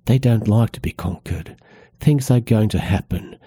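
A man reading aloud as a gloomy, secretive middle-aged villager, in a low, understated voice. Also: normal speed, warm tone, husky, no echo, studio quality. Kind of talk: read-aloud novel passage.

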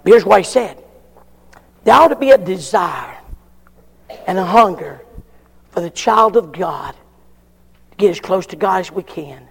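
A man's voice: sits high, expressive, a little slow, creaky, pauses often, breathy edge, long reverb tail. A man preaching a fervent sermon in a church, calling for amens between points. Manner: fervent preaching with frequent call-and-response amens.

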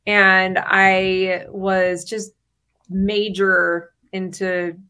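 A woman's voice: mid-range voice, level tone, very slow, bright, forceful tone, smooth. A woman in her thirties sharing her personal story as a podcast guest, chatty, with frequent fillers and laughs between phrases.

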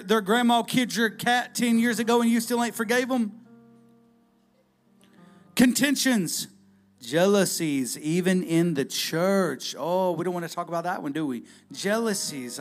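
High-voiced preacher, lively delivery. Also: male voice. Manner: lively, conversational preaching with shifts between loud and hushed. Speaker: pastor. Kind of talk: sermon.

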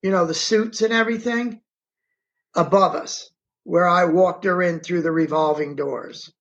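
Slow, emphatic man telling his story. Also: high-pitched, steady tone, fairly bright tone, dull audio. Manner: emphatic, re-enacts his own words and directs a map on screen. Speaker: interview guest, eyewitness. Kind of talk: dramatic first-person storytelling.

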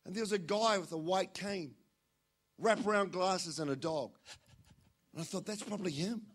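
A male preacher giving a sermon in a slightly high voice. He tells stories with energy, swinging between loud bursts and quiet asides. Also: normal speed.

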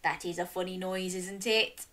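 A woman's voice: on the low side, steady tone, normal speed, very noisy. A woman hosting a storytime for young children, reading a picture book aloud and coaxing listeners to join in with animal sounds.

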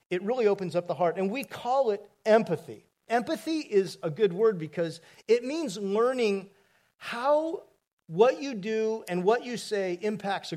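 A man's voice: high voice, darkish tone. A man preaching a sermon as pastor, telling stories in a conversational way with asides to the congregation.

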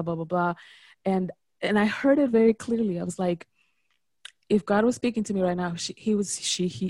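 A woman guest on a podcast, chatting casually and telling a story with lively repeats and frequent laughter. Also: fairly low pitch, no echo. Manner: animated storyteller, repeats words, laughs often.

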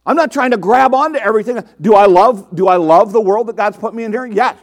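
A pastor with a high, light voice preaches quickly in an easy, conversational manner. He asks listeners questions and answers them himself, imitating the complaints of people he quotes.

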